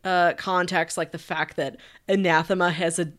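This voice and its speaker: A woman podcast co-host casually recapping a TV show, chatty and animated, laughing often. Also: lowish voice, moderate pace.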